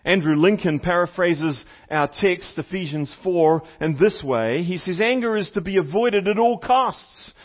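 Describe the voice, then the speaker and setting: Speaking in a high-pitched voice that moves a little slowly with few pauses, a male pastor teaches his sermon one step at a time. He puts questions to the congregation and drives key points home through repetition, all captured in slightly dull, lo-fi audio.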